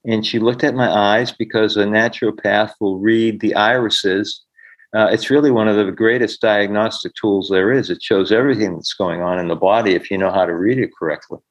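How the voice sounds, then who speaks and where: A man's voice: lowish voice, fairly even intonation, fairly quick, highs cut off. A middle-aged man, a healer, telling stories in an interview in an earnest way and acting out the voices of the people he quotes. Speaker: healer, podcast guest. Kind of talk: storytelling in an interview.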